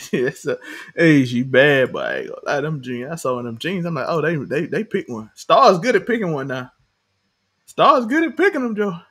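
A young man co-hosting a casual TV recap chat, animated and laughing often, acting out the characters' lines. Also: fairly high pitch, normal speed, slightly rough. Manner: animated, laughing, acts out quotes in character voices. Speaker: show co-host.

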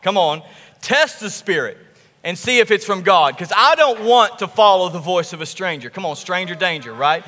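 A male pastor preaching a sermon, telling the story with animated, emphatic repetition. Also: high voice, moderate pace, in a large hall. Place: church sanctuary.

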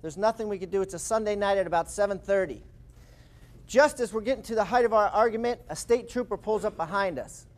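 A man in his forties, an author and speaker, telling a lively anecdote in a talk. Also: high-pitched, quick pace. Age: 40s. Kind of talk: storytelling talk.

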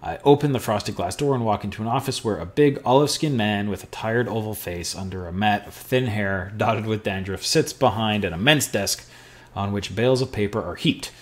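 A man's voice: on the low side, a little fast. A male podcast host playing an adventure game, making offhand, wry comments and reading the game narration aloud. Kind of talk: casual let's-play commentary and reading game text aloud.

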